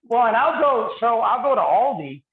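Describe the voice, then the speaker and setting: A man co-hosting a podcast, chatting casually with quick asides and frequent laughs. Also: very high voice, very animated. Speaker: podcast co-host. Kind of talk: casual chat. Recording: roomy, tinny phone-like sound.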